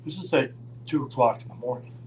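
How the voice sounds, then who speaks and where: An older man telling a long, rambling road anecdote in a casual live chat, chuckling and halting as he goes. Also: mid-range voice, a little mellow, slight background noise, rough recording. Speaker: guest storyteller.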